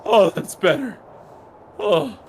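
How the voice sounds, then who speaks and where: A shrill, fussy shirtless fellow whines about the cold. His voice darts high and swoops around with a gravelly edge. A faint hiss of stream noise sits under it. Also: wildly swooping pitch, takes it slowly, exaggerated voice. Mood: whiny. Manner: whiny, fussy.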